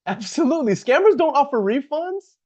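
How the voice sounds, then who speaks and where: A man's voice: extremely high pitch, sing-song, fairly quick, dark tone, lo-fi sound. A man talking casually on a livestream and answering chat comments head-on, restarting and repeating himself often. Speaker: real estate investor and coach on a livestream. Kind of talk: livestream talk.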